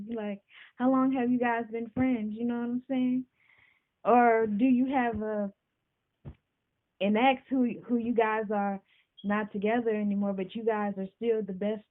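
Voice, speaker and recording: A woman hosting a podcast, talking casually and warmly about friendship, often asking "you know what I'm saying". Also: a little high. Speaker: podcast host. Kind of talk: casual talk to camera. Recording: tinny phone-like sound.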